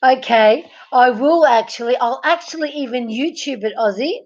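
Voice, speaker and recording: A woman hosting a casual late-night livestream from her bed, chatting with viewers by name and laughing a lot, her voice getting hoarse. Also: sits high, normal speed, dull audio. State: losing her voice. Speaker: livestream host. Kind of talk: casual live chat reading comments. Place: at home, in bed.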